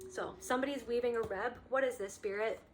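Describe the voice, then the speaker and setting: A woman's voice: on the high side, brisk, noisy background. Impassioned woman giving a spiritual reading. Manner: impassioned, repetitive, speaks straight to the listener. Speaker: spiritual reader. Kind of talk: intuitive card reading to camera.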